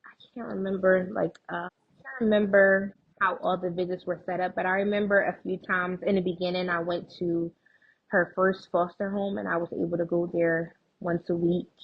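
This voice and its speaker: A woman guest in an interview speaks in a lowish, breathy voice with flat delivery at a moderate pace, on a muffled recording. She earnestly and emotionally recounts personal experiences, restarting her sentences often as she tells anecdotes.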